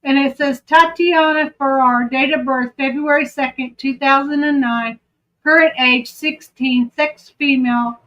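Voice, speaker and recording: Southern woman commentator, high voice, unhurried, dull lo-fi sound. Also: steady tone, a bit bright. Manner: chatty, self-interrupting. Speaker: true crime commentator. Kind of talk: casual commentary.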